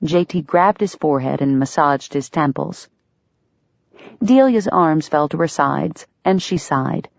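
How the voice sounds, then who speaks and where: A woman narrating an audiobook in an expressive storytelling manner. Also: low-pitched, unhurried, creaky, dry recording. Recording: dull, dry lo-fi sound.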